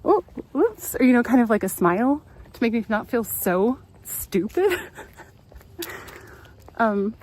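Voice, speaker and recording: A woman's voice: fairly high pitch, unhurried, pauses often, a little mellow, slight background noise. A woman travel vlogger telling a story outdoors in casual live-stream chat, laughing often and leaning on filler words, recorded on a handheld phone.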